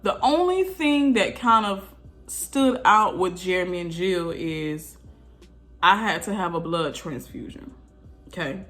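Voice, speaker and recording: A woman vlogger casually telling her birth story to viewers, animated and chatty, with frequent asides to the audience. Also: lowish voice, a little slow, soft background music.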